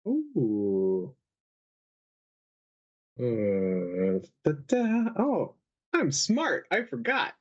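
A man's voice: mid-range voice, huge pitch swings, drawn-out words, long pauses. A man playing a tabletop game, playful and bouncy. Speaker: player. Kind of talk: casual tabletop game play. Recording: slightly dull lo-fi mic.

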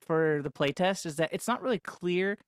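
A woman's voice: lowish voice, normal speed, dry recording, clean studio sound. A woman playing a tabletop game, chatty and thinking aloud. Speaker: player. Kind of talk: casual tabletop play.

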